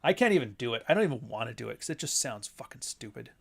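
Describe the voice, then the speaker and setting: Stream host, male, average pitch, talks in loose profane rambles, blunt delivery. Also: sing-song, quick pace, creaky, husky. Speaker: host, author. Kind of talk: casual livestream chat. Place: home near Toronto.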